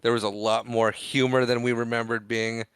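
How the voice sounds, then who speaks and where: A man's voice: mid-range voice, little pitch movement, moderate pace, a bit bright, clear, resonant tone, dry recording. A man co-hosting a podcast, retelling film scenes in casual chat and acting out the lines. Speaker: podcast co-host.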